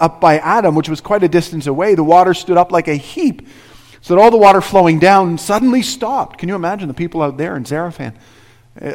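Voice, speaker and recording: A man's voice: on the high side, a little mellow. A man preaching a sermon as pastor, earnest and driving his points home with repeated rhetorical questions. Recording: reverberant hall.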